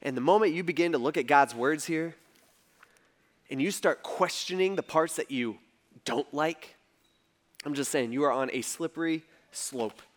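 A male pastor preaching a conversational sermon, animated and swinging between soft and loud. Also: on the high side.

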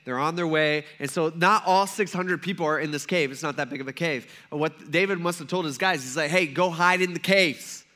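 A man's voice: fairly high pitch, a little fast, few pauses, pushed and bright. A man preaching a sermon as a pastor, telling the story casually and acting out the voices of the people in it. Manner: casual, conversational with fillers.

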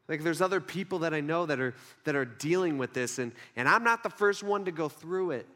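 A man's voice: a little high, expressive, fairly quick, sharp tone. A man preaching a sermon in a casual, conversational way, acting out the people in his story. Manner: conversational, playful, acts out dialogue in voices.

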